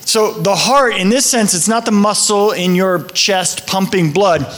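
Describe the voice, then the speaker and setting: Preacher guy, high-ish voice, relaxed sermon, keeps asking right?. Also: measured pace. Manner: chatty, asks "right?" often. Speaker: pastor. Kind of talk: conversational sermon.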